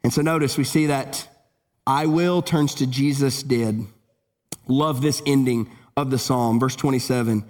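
Man, pastor, sermon, high voice, urgent then solemn, long hall echo. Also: normal speed, a little mellow. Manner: preaching with swings between high urgent and low solemn tones.

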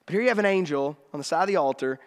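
High-voiced preacher in a reverberant hall. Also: male voice, racing. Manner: conversational preaching, acts out quoted dialogue with shifts in pitch. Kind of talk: sermon.

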